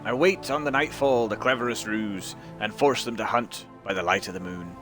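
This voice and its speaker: A man putting on a pirate voice to read out a rhyme, in a slow, loud, theatrical way. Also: on the low side, music in the background, close to an everyday voice. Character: swaggering male pirate reciting a rhyme.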